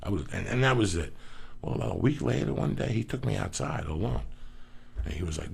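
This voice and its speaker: Middle-aged man, very gravelly voice, lively swooping pitch, profane animated podcast storytelling. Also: fairly quick, heavy background noise. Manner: animated, swearing constantly, acting out other voices. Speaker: comedian guest.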